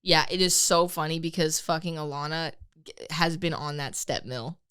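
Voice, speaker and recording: A young woman co-hosting a podcast, telling a story in a casual, animated way, swearing freely and laughing as she goes. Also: low-pitched, moderate pace, clean tone. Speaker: podcast co-host.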